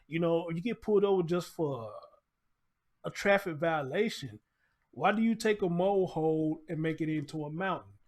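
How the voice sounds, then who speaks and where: A man hosting a live stream, commenting bluntly and profanely in a rambling, casual way. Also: fairly high pitch. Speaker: show host.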